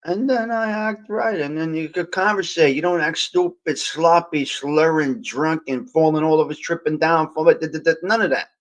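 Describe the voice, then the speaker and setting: A man with a slightly high voice hosts a casual morning livestream, reading viewer comments and joking with people by name at a moderate pace with almost no pauses. He sounds a bit worn after a long night, speaking into a cheap handheld mic that drifts near and far, and the highs are cut off.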